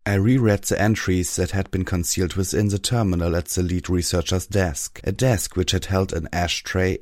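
A deep-voiced man reads a first-person story aloud with steady, dramatic storytelling. The recording is dry and close, with no room sound. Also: dry recording. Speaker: audiobook narrator. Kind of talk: first-person fan fiction reading.

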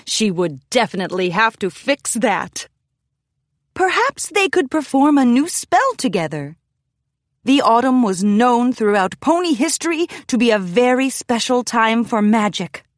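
A woman reading a children's audiobook aloud in a lively, expressive storytelling manner, recorded close in a studio. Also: on the high side, unhurried, no echo. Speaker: audiobook narrator. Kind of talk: scripted children's audiobook narration. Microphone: close studio mic, dry.

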